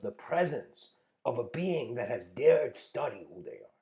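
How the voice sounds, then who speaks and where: A man's voice: mid-range voice, sing-song, moderate pace, mellow. A man giving a spiritual lecture, telling a story in a loose, conversational way with many fillers. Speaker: spiritual teacher.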